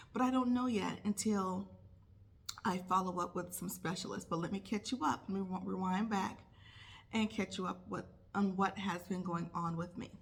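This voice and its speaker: A woman who is a nurse, telling a casual vlog story and acting out her own thoughts in quotes. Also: medium pitch. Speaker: nurse vlogger.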